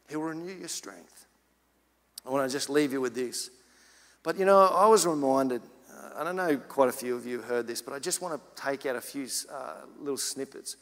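A pastor with a slightly bright voice on the high side preaches a sermon at normal speed in church. He begins chatty and personal, then builds to earnest, urgent emphasis, with church hall reverb on the recording.

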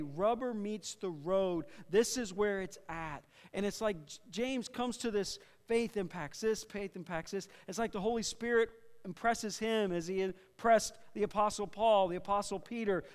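A pastor with a notably high, clear, resonant voice delivers a sermon to his congregation in a casual, conversational style, often repeating and restarting phrases. He uses call-and-response to draw people in, and long reverb from the large church sanctuary rings around him.

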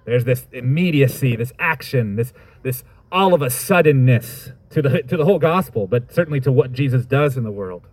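A man's voice: medium pitch, expressive, normal speed, hardly any pauses, a little mellow, slightly rough, no echo. A man preaching a sermon, reading scripture and reflecting on it in a thoughtful, conversational way with informal asides.

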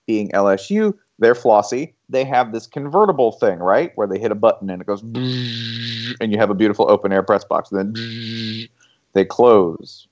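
A man hosting a casual sports podcast, telling a story with animated delivery. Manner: animated storyteller, bursts into high mocking voices. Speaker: podcast host. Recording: dull lo-fi podcast audio.

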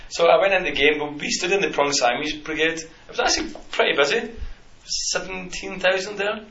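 A man's voice: on the high side, moderate pace, few pauses, sharp tone. A man co-hosting a casual football podcast, rambling with many restarts and fillers. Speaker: podcast co-host. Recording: roomy, slightly dull, faint hiss.

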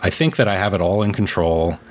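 A man's voice: low voice, a little fast. A man in his thirties telling a personal faith story in casual talk, earnest and full of fillers. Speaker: podcast co-host.

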